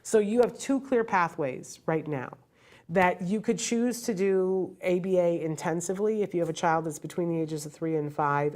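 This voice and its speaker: A woman's voice: lowish voice, darkish tone. A middle-aged woman host giving earnest, heartfelt advice to parents in a direct, emphatic way.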